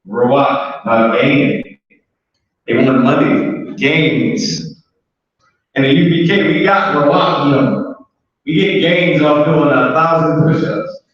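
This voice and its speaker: A man's voice: on the high side, slow pace, long pauses, a bit bright. A man teaching a live language class in a casual, joking manner, drawing out words and laughing between points. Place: classroom with students. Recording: very echoey room from far off, dull.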